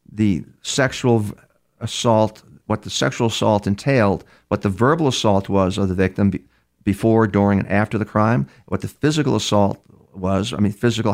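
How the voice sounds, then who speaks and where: A man's voice: on the low side, vocal fry, a little mellow. An older man from New York, a criminal profiler, bluntly telling a long story in an interview and acting out the dialogue. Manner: blunt, restarts often, acts out quoted dialogue.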